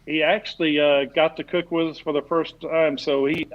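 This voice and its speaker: Through dull, lo-fi stream audio, a guest who teaches barbecue classes spins a long, meandering, homespun tale at a moderate pace, saying "uh" constantly. His voice is somewhat high and even in tone.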